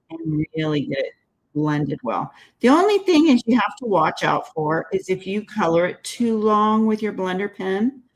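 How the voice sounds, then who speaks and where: Chatty woman host demoing cards, easy slow pace, lively sing-song delivery. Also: medium pitch, poor audio. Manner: chatty, talks while working, laughs at own slips. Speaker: card-making demonstrator. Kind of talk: casual crafting tutorial.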